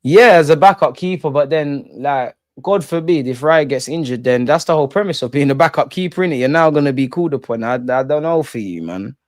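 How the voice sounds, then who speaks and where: A young man with a London accent, chatting casually on a live stream about football while reading out and reacting to viewer comments in slangy, animated talk. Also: on the high side, fairly quick, hardly any pauses, no room sound, clean studio sound.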